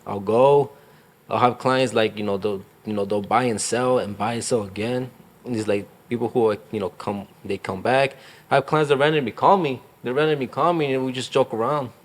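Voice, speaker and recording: A man's voice: medium pitch, steady tone, brisk. Slangy young man rambling casually. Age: young adult. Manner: rambling, heavy with fillers and slang. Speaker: real estate agent. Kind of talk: casual interview.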